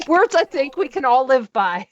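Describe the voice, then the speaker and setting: A woman's voice: high voice, dry recording, dull audio. A woman guest on a live stream telling a rambling anecdote, often laughing, over a video call. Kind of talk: casual chat on a live stream.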